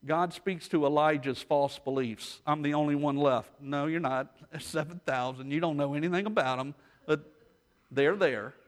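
A man preaching a sermon as pastor, telling stories and moving between hushed asides and rising intensity. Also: a little high, moderate pace. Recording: long hall reverb.

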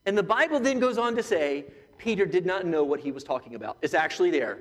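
Animated man preaching in a reverberant hall. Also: high voice, fast talker, few pauses. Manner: animated, joking asides, acts out voices. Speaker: pastor. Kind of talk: sermon.

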